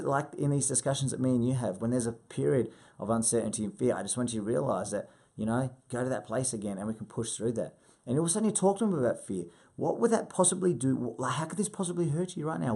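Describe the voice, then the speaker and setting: A man in his thirties coaching a sales team, swearing freely and acting out client calls with big jumps in pitch. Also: warm tone, breathy edge.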